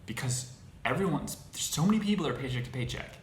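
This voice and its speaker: A man hosting his own show, talking in a casual monologue, halting and restarting his phrases with exasperation. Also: medium pitch, expressive. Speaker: podcast host. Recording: echoey room with faint noise.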